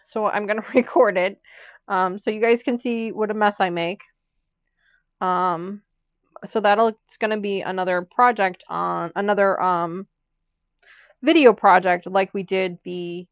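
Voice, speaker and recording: A woman's voice: medium pitch, dry recording. Chatty woman on a muffled, dry mic. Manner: chatty and rambling, laughs often. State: has the hiccups. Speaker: quilting channel host. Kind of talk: casual chat during a live sewing stream.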